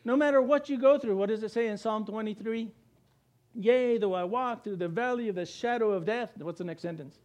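A man's voice: high-pitched, fairly quick, a little mellow. A man preaching a conversational sermon, breaking into acted-out voices and chuckles. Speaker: pastor.

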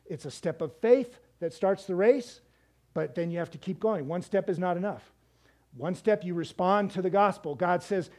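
A man's voice: high-pitched, animated, normal speed, a little mellow. A man preaching a sermon as a missionary, conversational and emphatic, often repeating words and restarting.

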